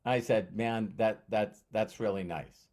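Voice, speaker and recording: A man's voice: fairly low pitch, a little slow. A man telling a personal story as a motivational speaker, acting out both sides of a conversation. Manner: animated, acts out dialogue. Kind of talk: storytelling talk.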